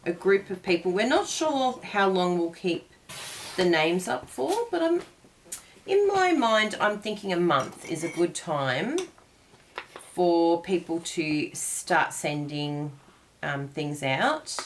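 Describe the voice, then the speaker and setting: A woman's voice: lowish voice, big pitch swings, slow, slight background noise. A woman hosting a cardmaking tutorial, chatting casually and digressing as she crafts.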